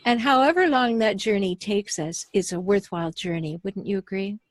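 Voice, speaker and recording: A woman hosts an interview and responds to her guest with affirming, supportive remarks. Her voice sits at a middle pitch. The recording sounds dry and close. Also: normal speed, no room sound. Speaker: podcast host.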